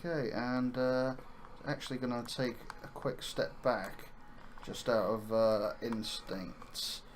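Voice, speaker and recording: A man's voice: mid-range voice, steady tone, slow, a little hiss or hum. A man playing a tabletop game, describing what his character does in a hesitant way full of fillers. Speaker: player.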